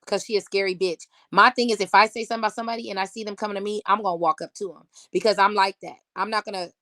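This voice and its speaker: A woman in her thirties tells a story as a podcast guest, in a blunt, heated, profane way. Her pitch sits in a middle range. The sound is dry and close, with almost no room around it. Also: fairly even intonation, very fast, pushed and bright, dry recording. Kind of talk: casual chat.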